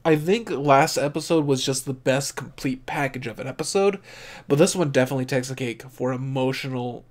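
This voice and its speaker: A man giving casual, excitable reaction commentary as an anime reviewer, swearing and thinking aloud, openly moved. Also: mid-range voice, brisk. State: emotionally moved.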